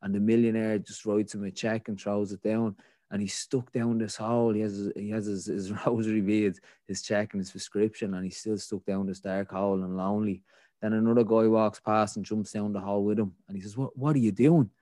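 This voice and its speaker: A man's voice: on the low side, flat delivery, a little fast, mellow, no room sound, clean studio sound. A man with a Dublin Irish accent, speaking as a podcast guest and telling his own story candidly, rambling and full of "like, you know" fillers. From Ireland.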